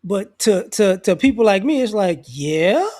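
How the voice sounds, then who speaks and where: A man's mellow voice sits high and sounds animated, though a little slow. He's a commentator sharing off-the-cuff views on society in a loose, slangy monologue, restarting sentences and impersonating other people's voices in quotes.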